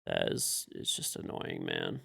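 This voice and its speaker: A man's voice: a bass voice, huge pitch swings, a little slow, vocal fry, a bit bright, husky. A man streaming a video game live, frustrated and swearing as he mutters to himself and talks to teammates. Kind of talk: live-stream commentary while playing.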